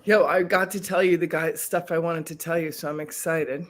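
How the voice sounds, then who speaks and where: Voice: medium pitch, fairly even intonation, moderate pace. A participant in a casual stream discussion, talking reflectively and in images. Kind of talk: casual chat. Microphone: remote call.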